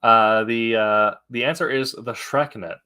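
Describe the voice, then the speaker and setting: A man hosting a casual online trivia game, relaxed and laughing often, with many fillers. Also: mid-range voice, unhurried, smooth. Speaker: trivia host.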